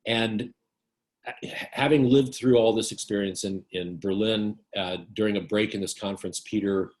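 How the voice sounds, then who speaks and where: Man, lower pitch, author talk, hesitant, many fillers, wry storytelling. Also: steady tone, moderate pace, darkish tone. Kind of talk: casual book talk.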